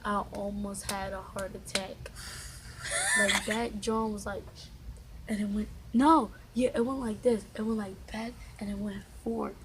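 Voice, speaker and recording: A young woman vlogger telling a storytime in casual, slangy, animated chat. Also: medium pitch, unhurried, background noise.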